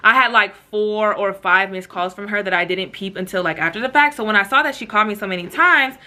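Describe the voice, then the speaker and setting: A young woman tells a storytime vlog in loose, slangy chat, talking straight to her viewers. Her voice is bright and clear at a middle pitch. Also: quick pace. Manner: slangy, chatty, lively asides to viewers. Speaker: vlogger.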